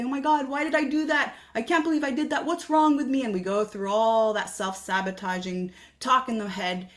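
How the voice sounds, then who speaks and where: A woman with a fairly high voice hosts a solo podcast. She speaks earnestly, like a coach, and keeps asking listeners reflective questions.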